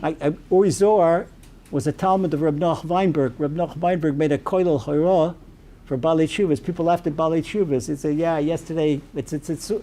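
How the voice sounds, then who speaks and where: A man as a rabbi giving a storytelling sermon, animated and peppered with Yiddish and Hebrew terms. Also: on the high side, fairly quick.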